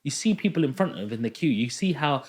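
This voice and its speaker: A young man chatting on a podcast, telling an animated story and acting out the dialogue in it. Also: mid-range voice, fast, husky. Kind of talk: casual podcast chat.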